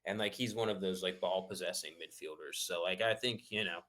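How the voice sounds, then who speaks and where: A man with a low but bright, forward voice speaks as a guest in a casual chat. He rambles through his answers, restarting and padding them with fillers. He sounds easygoing and unhurried.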